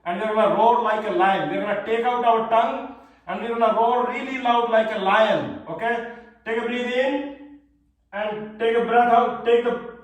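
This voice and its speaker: A man's voice: very high voice, normal speed. A man teaching a live online yoga class for children, giving cheerful, simple step-by-step cues. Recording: very echoey room, voice far from mic.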